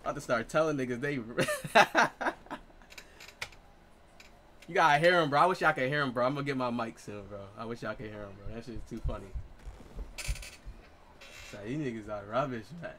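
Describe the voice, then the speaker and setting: A man in his late twenties giving excitable, profane live gameplay commentary as a streamer, trash-talking. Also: mid-range voice, a little fast, pauses often, noisy background. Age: 20s. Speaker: gaming streamer.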